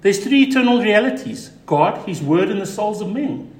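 A man preaching a sermon as pastor, emphatic, repeating key words and dropping to a quiet voice for stress. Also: high-pitched, expressive, normal speed, roomy sound.

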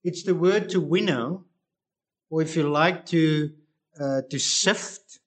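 A man preaching a sermon, reading scripture and explaining it with slow, deliberate emphasis. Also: on the high side.

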